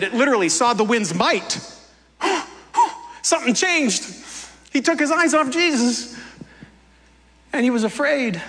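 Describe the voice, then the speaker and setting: Guy preaching a sermon, playful, acts out the quotes, higher voice, echoey big room. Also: bright, forceful tone. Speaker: pastor.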